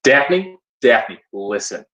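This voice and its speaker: An earnest male actor smoothing things over, his stammering voice rising and falling a lot, as a man plays him. He sounds far from the mic in an echoey room. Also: medium pitch, sing-song, extremely slow, sharp tone, heavily acted. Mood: placating. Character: placating male actor Cliff soothing the cast.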